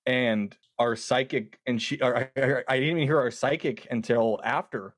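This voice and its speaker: A man's voice: mid-range voice, moderate pace, no room sound. Guy telling a spooky story in chill casual chat, mid voice, dry close sound, lots of like and dude. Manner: animated, quotes himself often, says dude and like. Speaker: podcast guest.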